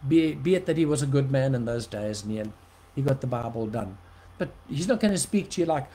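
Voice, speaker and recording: A man preaching, telling a personal story with animated shifts between loud and soft. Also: medium pitch, fairly quick, poor audio.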